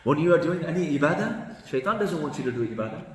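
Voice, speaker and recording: A man, a mufti, giving a lively religious lesson, shifting his tone with the meaning and chanting Arabic passages quickly. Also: a little high. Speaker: mufti teaching Quran commentary. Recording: echoey hall from a distant mic.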